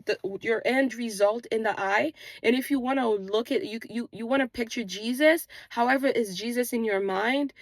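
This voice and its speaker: Recorded dry while she walks outdoors, a woman with a fairly high, creaky, fairly bright voice hosts a manifestation channel. She delivers earnest spiritual motivation in a repetitive, preaching rhythm and mentions her non-native English accent, though where it comes from isn't said.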